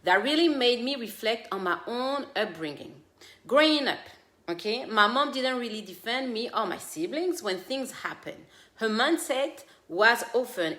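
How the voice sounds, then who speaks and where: A woman's voice: a little high, animated, moderate pace, a bit bright. A woman who hosts a parenting show, giving earnest, direct advice to parents and mixing in her own stories. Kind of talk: casual advice talk. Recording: echoey room.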